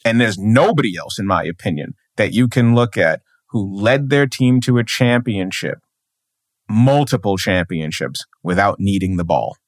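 A man's voice: fairly low pitch, expressive, moderate pace, no room sound, studio quality. A man, a sports journalist, speaking emphatically as a podcast guest and building his points with repeated phrases. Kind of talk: podcast interview.

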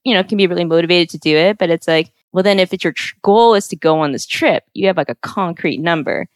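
A woman's voice: lowish voice, fast talker, no echo. Casual woman podcast host. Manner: casual, filler-heavy. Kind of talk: casual interview chat.

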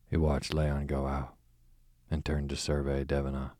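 A man narrating a novel as a bedtime audiobook, with calm, measured storytelling. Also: very deep voice, dry recording, clean studio sound.

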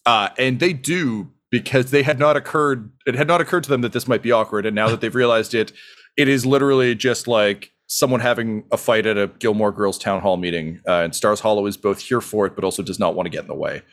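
A man's voice: lowish voice, a little fast, a bit bright. A young man narrating a tabletop game as game master, rambling with lots of fillers.

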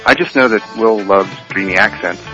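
Ohio man, caller, bright and lower voice, playful tone. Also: fairly quick, faint music behind, low-quality recording. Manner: playful, self-mocking. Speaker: listener calling in. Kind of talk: recorded voicemail.

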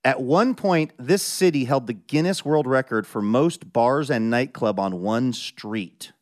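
A man's voice: medium pitch, unhurried. Upbeat man hosting a radio show. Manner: upbeat, bantering. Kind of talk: public radio hosting and ad reads.

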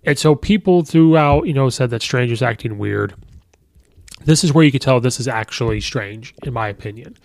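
A man with a gravelly, creaky edge to his mid-pitched voice, chatting loosely as a podcast host. He retells scenes in a casual spoken review, dropping in quoted lines as he goes. The sound is dry and close, with no room around it. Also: fairly quick, a little mellow, no echo.

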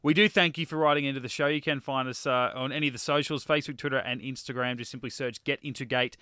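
A man hosting a casual podcast. He reads the plugs and listener mail quickly and restarts his sentences often. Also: medium pitch, fairly even intonation, bright, forceful tone, clean tone, no echo, clean studio sound. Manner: quick, repeats words when starting. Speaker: podcast host. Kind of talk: casual banter.

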